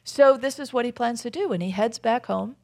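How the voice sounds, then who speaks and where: A woman's voice: on the high side, brisk, gravelly, darkish tone. A woman giving a conversational sermon, storytelling and asking the audience questions.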